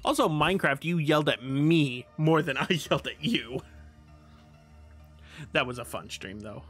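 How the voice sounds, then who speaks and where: A man's voice: on the high side, animated, normal speed, a bit bright, soft background music. A man streaming a game and chatting casually with his viewers, laughing often and swearing now and then. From United States.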